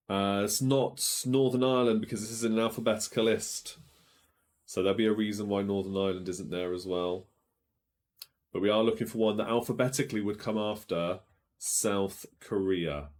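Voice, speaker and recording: A man's voice: lowish voice, a little mellow. A man hosting a live-streamed quiz, chatting as he reads out viewers' guesses and checks them aloud. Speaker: quiz show host.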